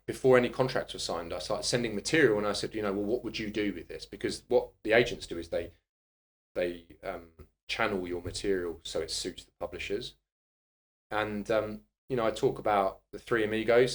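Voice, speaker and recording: A middle-aged man talks in a fairly low voice. He tells candid, animated stories and swears bluntly, like a guest in casual conversation. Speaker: guest, personal trainer and author.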